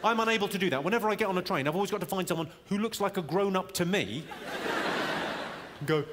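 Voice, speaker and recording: A man performing a stand-up routine, delivering deadpan one-liners and teasing the crowd. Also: fairly high pitch, quick pace. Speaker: stand-up comedian. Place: comedy venue stage. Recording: reverberant venue audio with loud crowd noise.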